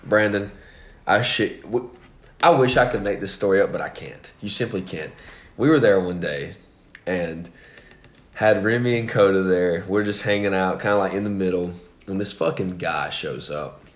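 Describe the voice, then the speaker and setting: A man's voice: low-pitched, moderate pace. Profane, laughing young man telling stories. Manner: profane, animated storyteller who laughs often. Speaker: podcast host. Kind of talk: casual storytelling chat. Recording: echoey room.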